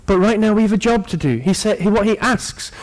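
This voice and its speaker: Male preacher, slightly higher voice, sermon delivery, earnest with joking asides to the congregation. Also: fairly quick.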